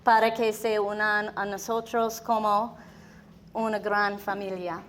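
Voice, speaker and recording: A woman's voice: mid-range voice, flat delivery, measured pace, noisy background. A middle-aged woman, mother of the bride, giving a chatty, self-deprecating wedding welcome speech.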